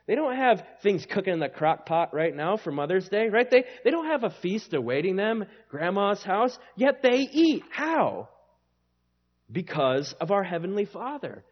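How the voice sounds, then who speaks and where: A man's voice: high-pitched, very animated, moderate pace. A male pastor preaching a sermon in an emphatic, conversational way that leans on rhetorical questions, in a slightly dull recording.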